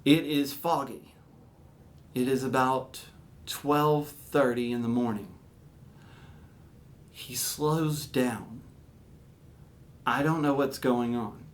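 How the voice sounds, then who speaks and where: A man from Alabama telling a comic story as a podcast host, animated and swinging from mumbled to shouted. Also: medium pitch, takes it slowly, long pauses.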